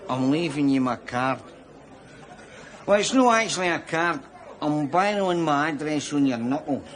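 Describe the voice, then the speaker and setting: A Glaswegian actor playing a boastful, leering drinking pal in a sitcom, with audience laughter. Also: male voice, fairly high pitch, animated, moderate pace, lightly acted. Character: boastful middle-aged Glasgow drinker, cocky. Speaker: sitcom character. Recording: studio audience laughter behind.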